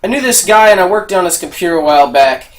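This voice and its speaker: Animated man reading tech jokes. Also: high-pitched, quick pace, a little hiss or hum, rough recording. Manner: animated joke-telling with loud put-on customer voices. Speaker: podcast co-host. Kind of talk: casual podcast chat, reading tech jokes aloud.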